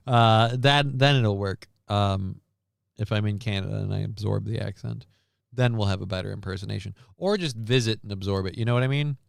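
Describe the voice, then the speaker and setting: A man's voice: fairly low pitch, a little fast, vocal fry, dry recording, studio quality. A man hosting a casual stream, ranting about the news in a sarcastic, profane, rambling way. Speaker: streamer host. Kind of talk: casual news commentary rant.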